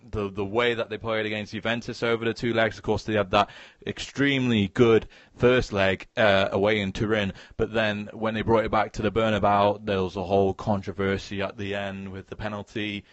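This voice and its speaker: A podcast host leads a casual football chat, stumbling over words, restarting them, and asking his co-host questions. His voice sits on the low side, with no room sound and the highs cut off.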